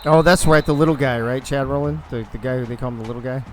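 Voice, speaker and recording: A man's voice: medium pitch, fast, a little hiss or hum. Chatty man hosting a game stream. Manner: chatty, joking, thinks aloud. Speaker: league organizer and stream host. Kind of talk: casual live-stream chat over a video game.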